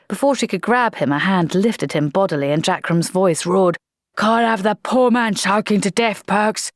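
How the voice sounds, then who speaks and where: A woman reading a comic fantasy audiobook in a measured, dramatic narration. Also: fairly low pitch, dry recording, clean studio sound.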